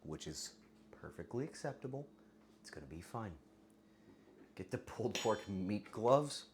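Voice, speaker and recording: A livestreamer with a voice going hoarse, joking crudely with chat and bursting into yelling. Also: mid-range voice, sing-song, a little slow, background noise. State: voice getting hoarse. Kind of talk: casual livestream chat with viewers.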